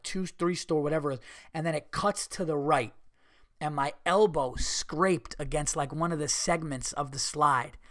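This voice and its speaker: Male podcast host, highish voice, dry close sound, profane and lively storyteller. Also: dry recording. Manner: animated, profane, retells scenes with quoted voices. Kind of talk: casual storytelling monologue.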